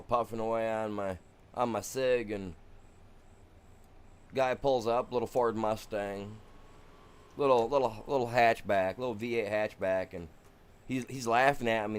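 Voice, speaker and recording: A middle-aged man from Michigan live-streams a farming game, spinning a long, animated story in casual, slangy chat. His voice is lowish with a clean tone.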